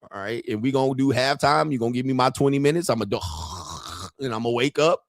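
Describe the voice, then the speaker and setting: A man hosting a commentary channel, telling jokey stories in a loud, profane, animated way. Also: mid-range voice, a little fast, no room sound, studio quality. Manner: profane, joking, animated storytelling. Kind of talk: casual commentary.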